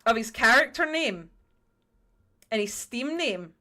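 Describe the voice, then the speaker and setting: A woman's voice: a little high, lively intonation, slow pace, sharp tone. A middle-aged woman, rambling in a casual chat while she paints on a livestream and swearing freely. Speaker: streamer.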